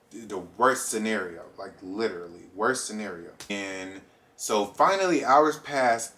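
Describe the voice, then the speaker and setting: A young man vlogging a casual storytime, animated and acting out his own reactions as he goes. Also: medium pitch.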